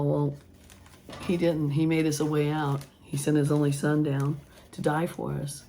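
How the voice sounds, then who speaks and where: A woman with a hoarse voice, rambling casually as she works on a craft project and later preaching earnestly. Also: deep voice, little pitch movement, a little slow, dark tone, slight background noise. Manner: rambling, thinking aloud with restarts; earnest preaching about faith. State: hoarse, voice still gone after illness. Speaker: craft vlogger. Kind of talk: casual craft vlog talk.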